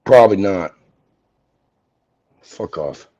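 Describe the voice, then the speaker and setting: A man's voice: sits low, expressive, takes it slowly, mellow. Man, heated profane rant, confrontational, dull lo-fi sound. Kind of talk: angry ranting livestream. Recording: dull lo-fi audio.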